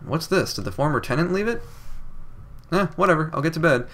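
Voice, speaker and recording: A man's voice: on the high side, animated, fairly quick, fairly bright tone. A young man doing casual let's play commentary, reading game dialogue aloud with a sarcastic, jokey manner. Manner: sarcastic, jokey, reads game text with odd inflections.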